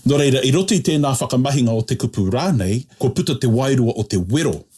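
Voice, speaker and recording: A man's voice: medium pitch, animated, fast talker, dark tone, husky. A man tutoring a language lesson, explaining patiently step by step and checking in often.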